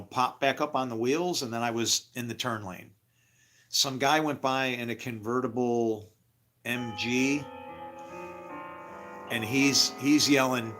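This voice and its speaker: A middle-aged man casually telling a personal story, acting out other people's voices loudly and in a raised pitch.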